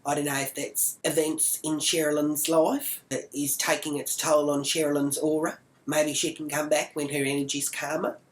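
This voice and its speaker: An Australian woman voicing a smug spiritual centre owner who talks in a calm, preachy, condescending way. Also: low-pitched, moderate pace, few pauses, close to an everyday voice, low-quality recording.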